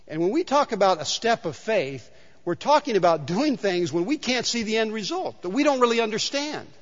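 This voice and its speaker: A man's voice: sits high, very animated, brisk. A man preaching a sermon in a church sanctuary, telling stories in a conversational way and repeating key points for emphasis. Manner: conversational storytelling with emphatic repetition. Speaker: pastor. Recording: dull sound with long hall reverb.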